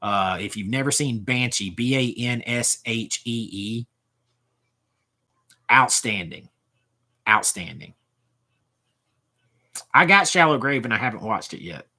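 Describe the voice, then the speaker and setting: A man in his forties chatting casually on a livestream, with a bright, forceful tone. His pitch swings all over as he reacts to chat comments. He rambles and restarts his sentences often. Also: animated, moderate pace, few pauses. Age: 40s. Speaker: livestream host.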